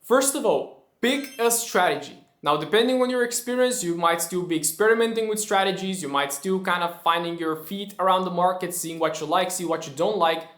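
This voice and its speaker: Man giving an emphatic motivational trading lesson, fairly high pitch, echoey room. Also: fairly quick, a bit bright. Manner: emphatic, keeps asking "right?". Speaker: trading educator. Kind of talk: motivational talk to camera. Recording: roomy echo.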